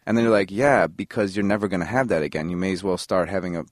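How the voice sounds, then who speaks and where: A man from Chicago telling long animated stories as a podcast guest, in a casual interview. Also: low voice, quick pace, dry recording, studio quality. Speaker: actor guest.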